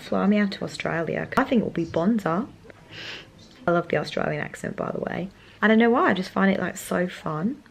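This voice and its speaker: A young woman chatting casually in a weekly vlog, rambling with lots of "like", sometimes mumbling softly while she eats. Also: medium pitch, lively intonation, a little fast, creaky, echoey room, a little hiss or hum, low-quality recording. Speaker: vlogger.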